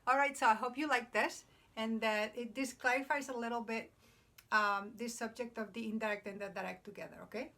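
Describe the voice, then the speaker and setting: A woman's voice: on the high side, steady tone, sharp tone. Patient woman teaching Spanish grammar. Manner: patient, explains slowly, checks in with "okay?"; switches between English and Spanish examples. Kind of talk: whiteboard grammar lesson. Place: classroom with a noisy whiteboard.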